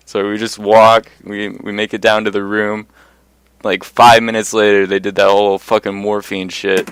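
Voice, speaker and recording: A man's voice: lowish voice, level tone, normal speed, fairly bright tone, smooth, no echo. A young man telling personal stories in a casual monologue, blunt and profane, getting worked up as he goes. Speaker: vlogger.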